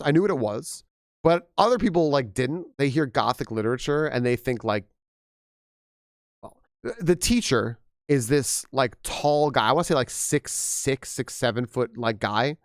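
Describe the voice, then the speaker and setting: A young man chatting casually on a game stream, rambling and animated with frequent restarts, slightly hoarse from losing his voice. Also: medium pitch, normal speed, dry recording, clean studio sound. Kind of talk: casual live-stream chat.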